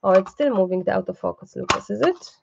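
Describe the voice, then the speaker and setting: A woman leads a live craft tutorial with a slightly gravelly, fry-tinged voice, chatting and reassuring as she works. She breaks off now and then for asides to someone behind the camera. The live-stream audio comes through dull and muffled. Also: mid-range voice, animated, quick pace, darkish tone, slight background noise. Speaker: craft teacher hosting a live online class.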